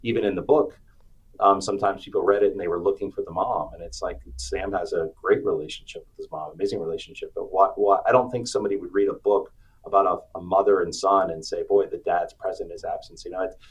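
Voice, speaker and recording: Low husky-voiced man telling stories. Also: quick pace, rough recording. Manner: animated storyteller, acts out quotes. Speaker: author and guest. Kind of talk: storytelling interview chat.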